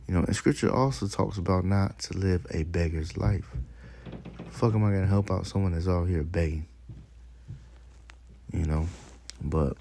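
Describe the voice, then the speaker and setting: A man's voice: sits low, vocal fry, dark tone. A man giving a profane, emphatic, casual preaching monologue on scripture and street life, quoting verses between stories. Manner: profane, emphatic, laughs at his own stories.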